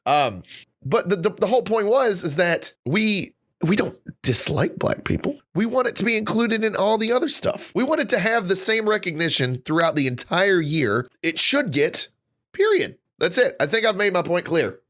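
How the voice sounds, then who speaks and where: A man's voice: high voice, big pitch swings, normal speed, a bit bright. A man hosting a casual podcast, ranting heatedly and swearing freely. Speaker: podcast host.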